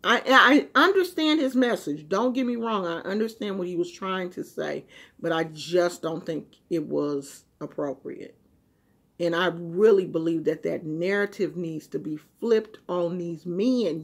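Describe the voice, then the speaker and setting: A woman vlogger talking casually to the camera in an emphatic rant, dropping to low murmurs and then rising to loud, high outbursts. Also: measured pace, slightly rough.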